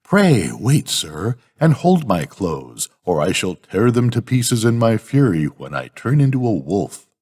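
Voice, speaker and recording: A man's voice: lowish voice, sing-song, a little slow, hardly any pauses, a little mellow, slightly rough, exaggerated voice. An older man voicing a sly male thief who confides a tall tale.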